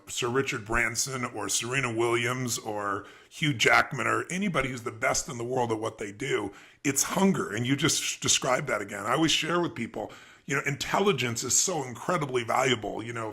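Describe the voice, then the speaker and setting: A man's voice: medium pitch, brisk, bright, forceful tone. A man hosting an interview and making emphatic, sweeping motivational points to his guest. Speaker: interviewer host. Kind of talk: motivational conversation.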